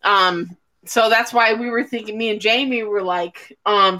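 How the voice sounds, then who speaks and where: A woman's voice: mid-range voice, fairly even intonation, unhurried, pushed and bright. A woman hosting a casual livestream chat with friends, talking freely, swearing and laughing often. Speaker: podcast host.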